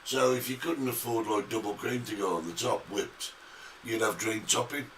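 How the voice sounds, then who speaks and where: A man's voice: fairly low pitch, moderate pace. A middle-aged British man co-hosting a casual talk show, chatty and emphatic as he reminisces. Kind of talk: casual chat. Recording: distant mic with faint noise.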